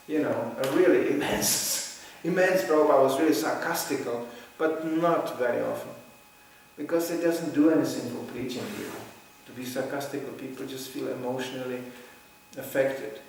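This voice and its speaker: A man's voice: medium pitch, gravelly, a little mellow. A man giving a conversational spiritual lecture, telling anecdotes and laughing often. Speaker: preacher. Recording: echoey room, far from mic, faint noise.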